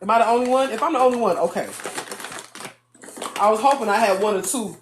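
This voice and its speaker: Blunt, fast-talking woman live-streaming. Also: fairly high pitch, a little hiss or hum. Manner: blunt, profane, animated storytelling. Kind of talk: casual live-stream chat.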